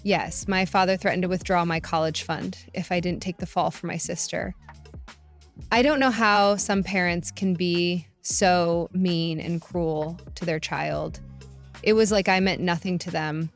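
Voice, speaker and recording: A young woman narrates her own family drama with sarcasm and indignation. Her voice sits fairly low, and faint music plays underneath. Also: fairly even intonation, measured pace. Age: young adult. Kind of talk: first-person story narration.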